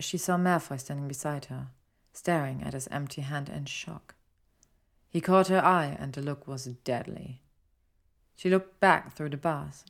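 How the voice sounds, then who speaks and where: Woman narrator, low voice, steady storytelling read. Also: vocal fry. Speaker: audiobook reader. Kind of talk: fan fiction narration.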